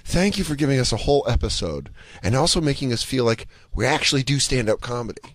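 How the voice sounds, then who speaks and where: Lively, joking man in a podcast chat. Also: medium pitch, fast, no room sound. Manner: joking, mimics others in put-on voices. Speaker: podcast co-host. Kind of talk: casual chat.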